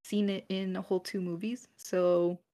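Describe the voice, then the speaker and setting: A woman's voice: mid-range voice, level tone, normal speed, dark tone. A woman co-hosting a casual podcast chat, chatty and giggly, sometimes losing her words. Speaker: podcast co-host.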